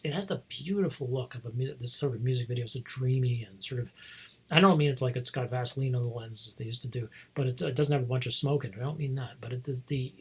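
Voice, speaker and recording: A man with a very husky, breathy voice talks casually as a podcast host, wandering through a film's story. He digresses often and restarts his sentences, at a middling pitch. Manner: rambling, digressive, many fillers and restarts. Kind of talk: casual film review.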